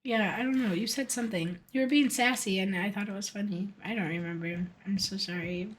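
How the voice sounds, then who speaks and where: A woman's voice: mid-range voice, a little fast. A woman streaming a game live, chatty and joking as she talks to her chat. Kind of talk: casual live game commentary.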